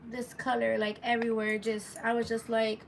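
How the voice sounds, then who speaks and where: A woman's voice: a little high, completely flat delivery, normal speed, vocal fry, recorded from a distance, slight background noise. A woman telling a story casually on a live stream, rambling and chatty with lots of asides to her viewers, reading their comments aloud as she goes.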